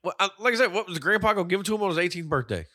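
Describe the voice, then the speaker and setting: A man with a fairly high, bright and forceful voice, riffing loosely on a movie with a friend. He swears freely, laughs a lot and slips into mock voices for the characters. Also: lively intonation, very fast. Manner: profane, joking, laughs often, acts out silly voices. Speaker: podcast co-host. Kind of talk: casual movie riff chat.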